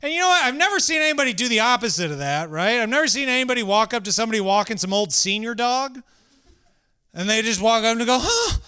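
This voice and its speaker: A man in his thirties doing a stand-up comedy set on a club stage, animated and breaking into shouted acted-out bits. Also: very high-pitched, fast, clean tone. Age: 30s.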